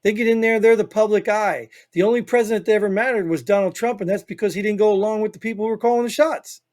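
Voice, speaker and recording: A man's voice: sits high, fairly even intonation, fast, darkish tone. A man with a Northern US accent, co-hosting a podcast in opinionated casual chat, rambling and emphatic with frequent "you know what I mean.". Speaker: podcast co-host.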